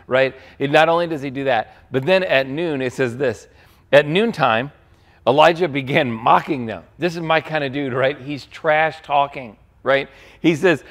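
A man, a pastor, preaching a sermon with animated storytelling, acting out quoted lines. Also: medium pitch.

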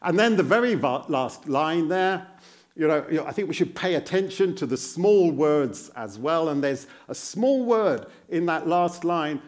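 A male guest preacher delivering a sermon in a church. He speaks slowly and earnestly, and his voice rises and falls widely. He puts questions to the congregation, praises their answers like an encouraging teacher, and repeats phrases for emphasis. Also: on the high side.

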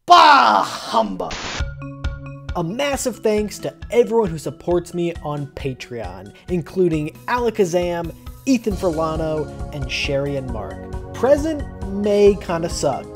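Melodramatic woman with a lively voice. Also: fairly low pitch, measured pace, music in the background. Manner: melodramatic, theatrical ranting. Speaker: video creator. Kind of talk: comedic video essay.

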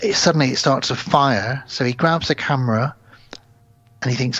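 A man's voice: medium pitch, normal speed, fairly bright tone, breathy edge, dry recording, dull audio. A man co-hosting a podcast, retelling a film's plot in casual chat and acting out the characters' lines. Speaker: podcast co-host. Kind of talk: casual film recap chat.

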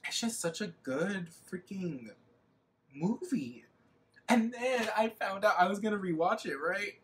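A man's voice: high voice, lively intonation, unhurried, fairly bright tone. Rambling young man chatting while doing makeup. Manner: rambling, filler-heavy, self-mocking. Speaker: makeup vlogger. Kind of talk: casual get-ready-with-me chat.

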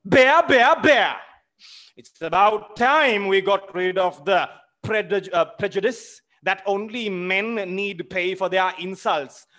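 A man's voice: high voice, slow pace, bright, forceful tone, pitched above the performer's own voice, heavily acted. A man reading aloud as an indignant young widow who hurls scolding insults in a play reading. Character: indignant young widow, scornful and sharp-tongued.

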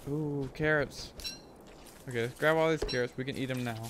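A man casually talking through his gameplay as a streamer, rambling and thinking aloud, with sudden excited whoops. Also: mid-range voice, moderate pace, slight background noise. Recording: game music playing under the voice. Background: game music.

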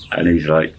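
A man with a very deep voice tells a casual story and chuckles along the way. He acts out the dialogue in shifting voices. A faint hiss runs under the recording. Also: poor audio. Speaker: storyteller channel host.

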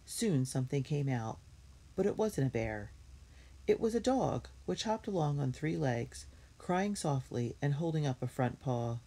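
A woman reading a children's storybook aloud in a steady, clear storytelling manner. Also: low-pitched, measured pace. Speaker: reader.

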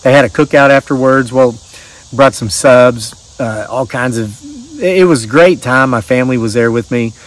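A man's voice: medium pitch, normal speed. Folksy man, rambling host. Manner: rambling, folksy, restarts often. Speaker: channel host reading viewer stories. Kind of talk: casual chat and reading aloud.

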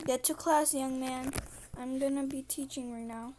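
A young female voice playing a teacher who mumbles softly to herself and praises her class, in a homemade skit with fan noise behind. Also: high-pitched, steady tone, a little slow. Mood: stern. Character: teacher, a patient adult woman.

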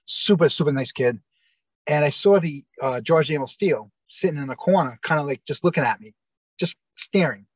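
A man's voice: a little high, lively intonation, normal speed, breathy edge, no room sound, low-quality recording. A man telling long, rambling stories as the guest in an interview, often restarting and quoting what people said. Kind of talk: casual storytelling interview.

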